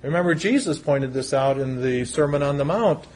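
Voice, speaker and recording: A man's voice: on the high side, lively intonation, moderate pace, darkish tone. A man preaching a sermon, reading scripture aloud and explaining it in an earnest, conversational way. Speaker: pastor.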